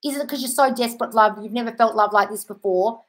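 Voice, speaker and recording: A woman's voice: on the high side, fast talker. A woman answering chat questions on a casual live stream, blunt and sweary, calling viewers darling.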